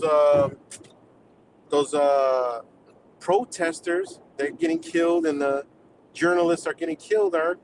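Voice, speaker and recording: A man's voice: fairly high pitch, a little hiss or hum, low-quality recording. A man from the United States on a live stream, delivering a heated, profane, rambling rant.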